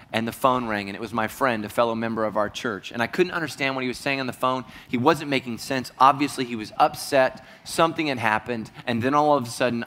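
Male pastor, earnest storytelling sermon, mid-pitched voice that sinks to a hush, long church reverb. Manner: earnest, dropping to a hushed voice for heavy moments.

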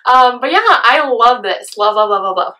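A woman with a raspy, hoarse voice from a lingering cold talks through a casual try-on haul vlog. She gushes effusively over each piece, her tone sharp and bright, and her voice sits a little high. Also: animated, normal speed. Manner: gushing, effusive. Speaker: fashion vlogger.

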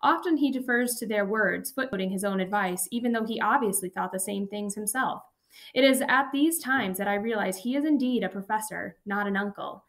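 A woman's voice: medium pitch, a little fast. Woman narrating an audiobook. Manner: steady, even reading. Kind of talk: scripted first-person narration.

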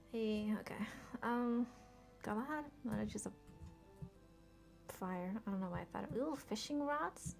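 A woman's voice: on the high side, slow, creaky, long pauses, faint music behind. A young woman streaming herself playing a game, chatting casually and often laughing and muttering to herself. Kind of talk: casual live-stream commentary while playing.

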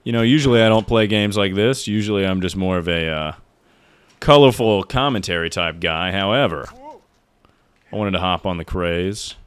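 A young man with a deep, low voice talks through a hard climbing game on a live stream. He chats easily with viewers, curses a lot, and now and then yells out in frustration. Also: moderate pace, clear, resonant tone, dry recording. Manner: chatty, swears, breaks into loud frustrated outbursts. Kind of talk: casual live gameplay commentary.

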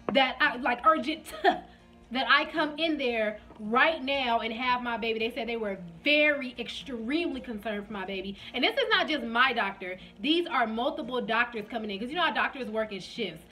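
A woman's voice: fairly high pitch, normal speed, faint music behind. A young woman vlogger chatting through a personal storytime, talking straight to her viewers and acting out what others said. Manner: chatty, addresses viewers directly; animated retelling with quoted dialogue. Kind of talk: casual storytime vlog.

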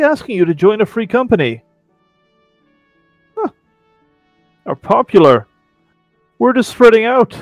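A man's voice: high-pitched, sing-song, unhurried, long pauses, no echo. A man giving casual, rambling game commentary with playfully sarcastic asides, with faint music behind. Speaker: let's play commentator.

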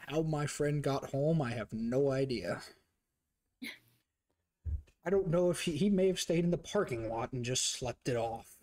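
Young male streamer, animated storyteller, swears freely, mid-pitched voice, casual chat. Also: unhurried, pauses often. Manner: animated, profane, laughs while telling stories.

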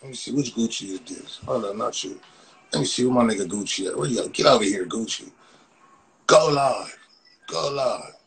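A man hosting a phone livestream, loudly roasting and mocking his viewers with profane banter, tagging "blood" onto nearly every phrase. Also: medium pitch, normal speed, noisy background. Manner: loud, mocking, repeats "blood" constantly. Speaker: livestream host. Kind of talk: profane Instagram live roast.

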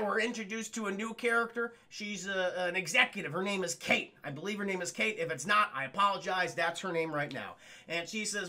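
A man's voice: sits high, a little fast, pushed and bright. A man streaming a casual spoiler film review, rambling, swearing and addressing his chat.

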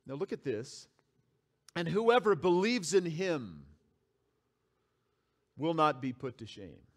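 A man's voice: a little high, sing-song, slow pace. A man preaching a sermon as pastor, reading scripture aloud and repeating key phrases for emphasis. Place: church sanctuary.

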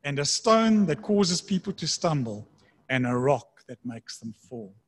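A man preaching a sermon in a conversational way, slowing down to read scripture aloud. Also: fairly high pitch, big pitch swings, husky. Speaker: pastor.

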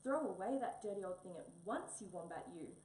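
A woman's voice: medium pitch, animated, fairly quick, darkish tone, reverberant, distant mic, slight background noise, natural voice. A woman voicing a small, kind, fussy mouse who is easily offended in a read-aloud story. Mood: cross. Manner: fussy, indignant.

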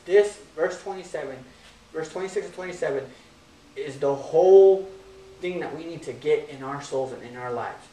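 A man's voice: fairly high pitch, moderate pace, a little mellow, far from the mic. Casual preaching man in an echoey hall. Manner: casual, conversational preaching with jokes and asides. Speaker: pastor. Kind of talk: sermon.

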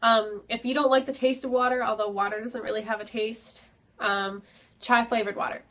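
A woman's voice: fairly high pitch, flat delivery, normal speed, fairly bright tone. A young woman vlogging to camera in casual chat, filling her talk with "like" and "um" and retelling things with animation. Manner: chatty, filler-heavy with lots of "like" and "um".

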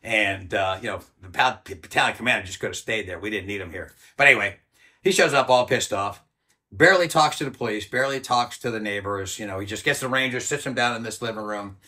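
Swearing freely, a man in his sixties who once served as a soldier recounts a story in a blunt interview, performing the quoted voices as he goes. He sounds lowish, bright, and forceful, speaking a little fast.

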